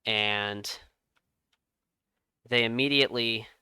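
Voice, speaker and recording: A man narrating a tabletop game as game master, telling the scene with dramatic pauses. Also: mid-range voice, smooth, dry recording. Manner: lively storytelling with dramatic pauses.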